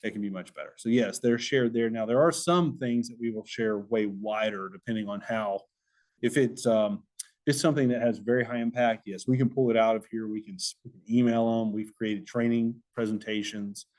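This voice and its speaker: A man's voice: fairly low pitch, steady tone, a little fast, a little mellow. A middle-aged man giving a conversational, explanatory safety presentation and answering audience questions.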